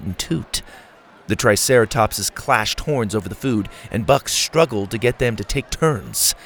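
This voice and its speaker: A man reading a children's story aloud at an even, steady pace. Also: medium pitch, slight background noise.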